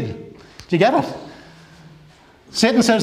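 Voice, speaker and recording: A male pastor with a high, bright voice delivers an impassioned sermon in a church. He builds to fervent, repeated declarations and briefly slips into voices of God, Satan and his listeners. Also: normal speed, a little hiss or hum.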